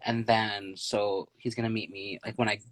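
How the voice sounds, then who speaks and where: Low-voiced easygoing guest, dry sound. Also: male voice, level tone, normal speed, fairly bright tone, no echo, poor audio. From Canada. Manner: easygoing, filler-heavy, gushing. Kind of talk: casual chat.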